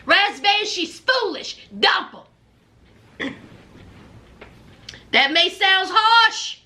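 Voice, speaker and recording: A woman's voice: very high voice, lively intonation, very slow, long pauses, sharp tone, a little hiss or hum. A woman giving a blunt, sassy reaction recap of a reality show, scolding the people on it. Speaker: reality TV commentator.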